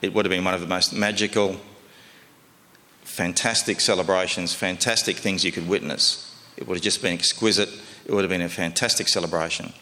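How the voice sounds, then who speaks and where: A man's voice: sits low, steady tone, fairly quick, bright, forceful tone, big-room sound. A man preaching a sermon in a conversational, folksy way, often asking his listeners questions.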